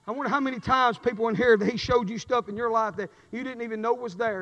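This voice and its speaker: A man preaching a sermon with a fervent, repetitive cadence, swinging from shouts to low, intense passages. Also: fast. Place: church sanctuary. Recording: dull recording with long hall reverb.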